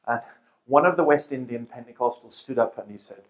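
Middle-aged man, Christian speaker, lively anecdotal talk to a church crowd. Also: mid-range voice, fairly quick. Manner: lively storytelling with quoted exchanges and asides.

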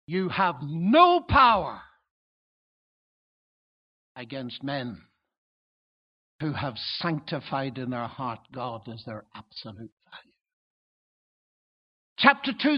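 A man with a high voice preaches a sermon in an emphatic, swelling way. The recording is dull and lo-fi. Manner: emphatic, swelling to loud exclamations.

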